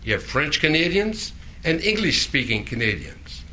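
A man preaching a sermon as pastor, often chuckling and correcting himself with quick asides. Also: a little high, big pitch swings, sharp tone, slight background noise.

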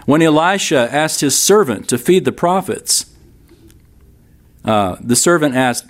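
A man's voice: on the high side, expressive, measured pace, long pauses. A man teaching a Bible class in a sermon style, emphatic, repeating key lines and speaking straight to his listeners.

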